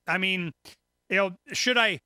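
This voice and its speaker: A man's voice: high voice, a little slow, pushed and bright, clear, resonant tone, no room sound, clean studio sound. A man hosting a talk radio show, ranting in an emphatic, rambling way with stammered restarts. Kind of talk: casual talk radio rant.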